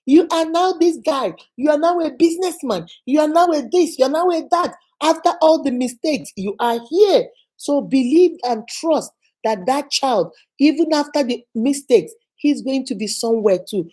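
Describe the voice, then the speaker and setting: A woman's voice: sits high, lively intonation, normal speed, darkish tone. A woman hosting an inspirational channel, giving an emphatic, repetitive, preacher-like motivational talk and acting out quoted speech.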